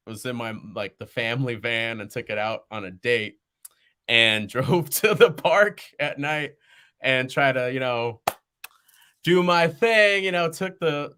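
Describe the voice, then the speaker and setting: A young man, a podcast guest, telling stories in casual chat, animated and laughing often as he acts out quoted voices. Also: medium pitch, smooth.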